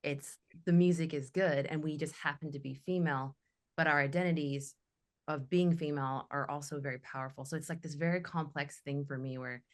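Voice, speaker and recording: A young woman with a notably low speaking voice talks passionately on a casual panel. She tells her stories with animation and lets her feelings show. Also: steady tone, brisk. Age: young adult. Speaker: guest, metal vocalist.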